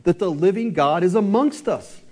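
A male pastor giving a sermon, asking the congregation rhetorical questions and slowing down for emphasis. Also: high voice, expressive, darkish tone.

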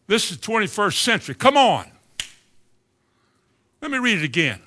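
A man preaching a fiery sermon, swinging from low musing to loud exclamations. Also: sing-song, moderate pace, long pauses.

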